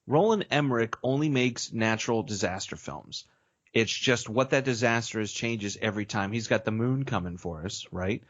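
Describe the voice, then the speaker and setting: A man's voice: fairly low pitch, moderate pace. Guy co-hosting a movie podcast, blunt opinions, sighs a lot, slightly muffled audio. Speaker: podcast co-host. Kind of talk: casual opinionated chat.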